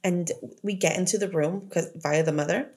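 A woman's voice: lowish voice, moderate pace, a little mellow. A woman co-hosting a casual podcast, recapping a horror film with lots of laughter and swearing. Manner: laughs often, loose and profane. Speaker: podcast co-host.

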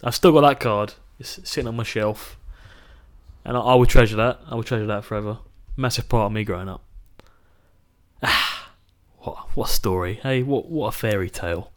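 A British man in his twenties co-hosting a podcast, telling an animated childhood story and swearing casually. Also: on the low side, normal speed. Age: 20s. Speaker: podcast co-host.

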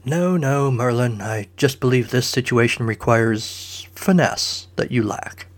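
A man's voice: medium pitch, animated, a little slow. A man voicing a blunt, crude male king in a comic story. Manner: blunt, grunting.

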